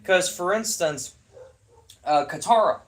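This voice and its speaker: Casting: young man, slightly high voice, heated and sarcastic rant, swears freely. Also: takes it slowly. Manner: heated, profane, sarcastic ranting. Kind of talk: casual ranting chat.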